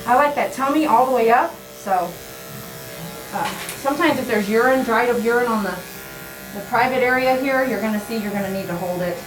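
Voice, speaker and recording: A woman's voice: a little high, a little fast, over music. A woman dog groomer who coaxes and scolds a dog while she trims it, then explains her steps. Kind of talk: grooming tutorial, talking to the dog. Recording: roomy sound, mic at a distance, clipper noise. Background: electric clippers buzzing.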